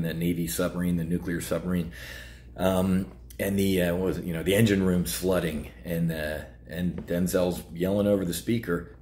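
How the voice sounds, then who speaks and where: A man's voice: low voice, a little mellow, a little hiss or hum. A man hosting a trading show, talking bluntly and heatedly with many fillers. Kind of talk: casual market commentary.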